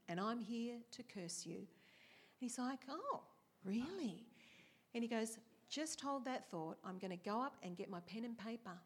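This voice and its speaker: A woman preaching a conversational sermon, telling stories and asking the congregation questions. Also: medium pitch. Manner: chatty, asks the congregation questions, acts out quotes.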